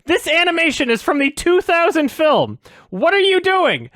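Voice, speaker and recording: A man hosting a reaction video, ranting in an exasperated, sweary way, swinging between loud outbursts and low sarcastic muttering. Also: wildly swooping pitch, moderate pace, dry recording, studio quality. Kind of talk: ranting commentary.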